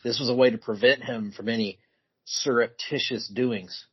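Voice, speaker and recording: Husky man, mock-formal podcast talk. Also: mid-range voice, steady tone, normal speed. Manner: wordy, mock-formal phrasing. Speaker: podcast co-host. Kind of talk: casual chat. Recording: dull lo-fi audio.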